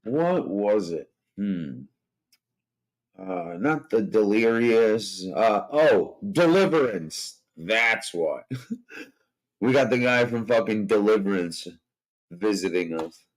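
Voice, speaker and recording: A hoarse man chatting casually and profanely to his live-stream viewers, rambling from topic to topic. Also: lowish voice, expressive, slow, poor audio. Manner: profane, rambling and laid-back. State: hoarse, strained voice. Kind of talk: casual livestream chat.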